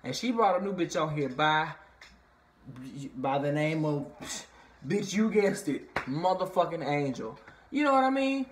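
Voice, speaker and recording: Profane, animated reality-TV recapper. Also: slight background noise. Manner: animated, swears constantly, fillers like "you know what I mean"; jumps into high squealing impressions of others. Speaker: TV show reviewer. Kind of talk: casual profane recap vlog.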